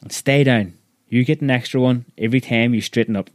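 A man's voice: mid-range voice, a little fast, no room sound, clean studio sound, lightly acted. A man doing a stern towering headmaster. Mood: commanding. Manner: curt, commanding.

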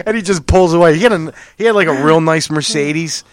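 A man telling a long, profane driving story in casual chat, quoting other drivers in a louder, higher voice. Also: brisk, few pauses. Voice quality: gets loud and high when quoting other drivers.

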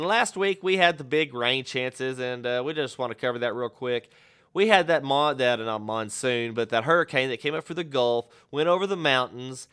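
This podcast host from Texas rambles through joking, easygoing banter, often breaking off his own sentences partway. His voice is medium in pitch, a little bright, clear, and resonant.

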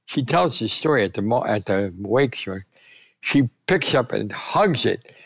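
An older man, a sportswriter, telling lively anecdotes in an interview and acting out the quotes. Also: mid-range voice, a little slow, gravelly, breathy edge, dry recording, clean studio sound. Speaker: sportswriter and columnist. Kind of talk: storytelling in a conversational interview.

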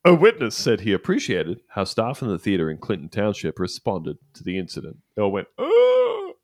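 A man's voice: lively intonation, fairly quick, dry recording, studio quality. A man co-hosting a comedy podcast, reading news stories aloud with wry, mocking asides. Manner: wry, mocking, swings wildly in pitch.

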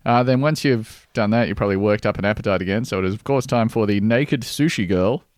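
A man hosting a casual podcast chat, reading items off a list in a wry, deadpan way. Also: lowish voice, fast talker, dry recording, clean studio sound. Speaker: podcast host.

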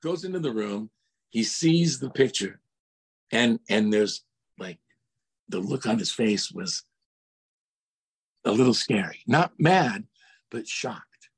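Older male guest, husky, animated raconteur with impressions, video call. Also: medium pitch, slow pace, long pauses. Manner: animated storyteller, mimics voices, laughs at himself. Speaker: guest, music producer. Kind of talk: casual storytelling interview.

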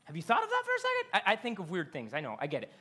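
Lively, bright-voiced preacher. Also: medium pitch, rapid-fire. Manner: animated storytelling with rhetorical questions and casual slang. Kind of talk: sermon. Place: on a stage.

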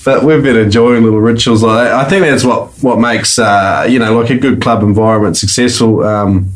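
A man's voice: lowish voice, normal speed. A man hosting a casual interview, asking his questions hesitantly with lots of fillers. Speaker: podcast host.

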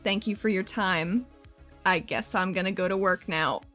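A woman's voice: sits high, slow pace, fairly bright tone, soft background music. A woman voicing a worn-out, scarred young woman officer who speaks with tired, awkward politeness.

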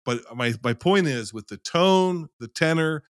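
A man co-hosting a casual film podcast, talking in a loose, animated way, swearing and acting out scenes as he argues his view. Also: a little high, measured pace, no echo, studio quality. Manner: animated, profane, acts out scenes in quotes. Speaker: podcast co-host.

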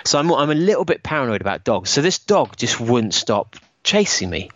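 A man hosting a podcast, telling a running story in a casual, animated way. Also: mid-range voice, brisk, muffled recording. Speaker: podcast host. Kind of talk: casual chat.

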